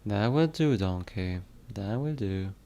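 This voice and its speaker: Guy doing a grumpy ogre, gravelly low growl, wobbly scottish-ish brogue, territorial and gruff. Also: expressive, slow, a little mellow. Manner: clumsy attempted Scottish-Irish brogue.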